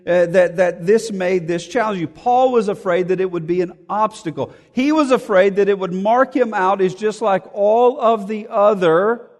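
Guy preaching a sermon, kinda high voice, reads the verse then breaks it down, repeats stuff for emphasis, big echoey hall. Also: darkish tone. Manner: reads scripture aloud, then explains it verse by verse; emphatic, repeats key phrases for effect. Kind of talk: expository sermon. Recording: long hall reverb.

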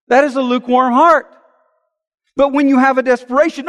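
A man's voice: very high voice, fairly even intonation, fairly quick, a bit bright, big-room sound. A man, a pastor, preaching a sermon in an earnest, emphatic way, often asking rhetorical questions.

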